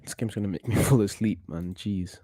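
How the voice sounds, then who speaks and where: Low, mellow-voiced man commenting on football. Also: fairly quick, breathy edge, no echo. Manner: chatty, opinionated, thinks aloud with restarts. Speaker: football watchalong host. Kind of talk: casual live match commentary.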